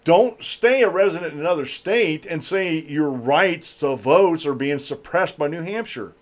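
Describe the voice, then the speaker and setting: A man's voice: a little high, animated, unhurried. A man hosting a political commentary show, reading news items and then ranting about them with scorn.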